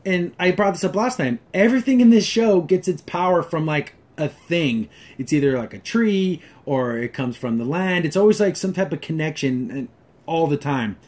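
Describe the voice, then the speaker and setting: A man's voice: a little high, animated, moderate pace, darkish tone. A man hosting a casual episode review, ranting sarcastically and exasperatedly, full of fillers and restarts. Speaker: show reviewer.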